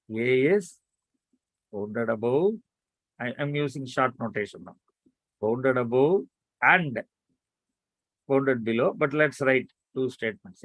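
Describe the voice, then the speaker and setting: Male math teacher, online lecture, coaxing and brisk, dry close-miked sound. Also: medium pitch, fairly bright tone, no echo. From India. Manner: coaxing students to answer quickly.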